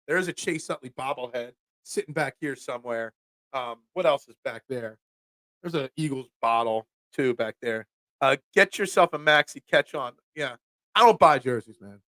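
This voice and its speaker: A man's voice: fairly high pitch, bright, forceful tone, no echo. A man hosting a casual live-stream sports show from a home room full of memorabilia, upbeat and rambling as he reacts to viewer comments.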